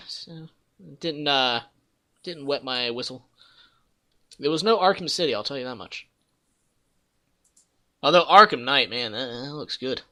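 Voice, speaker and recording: A man's voice: mid-range voice, sharp tone. A young man hosting a gaming podcast in loose casual chat, laughing often, swearing and acting out scenes he retells. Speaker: podcast host.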